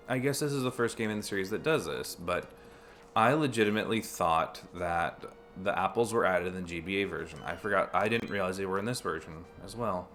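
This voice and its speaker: A man's voice: on the low side, a bit bright. A man giving casual, chatty commentary while streaming a video game, thinking aloud with fillers and restarts. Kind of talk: casual let's-play commentary.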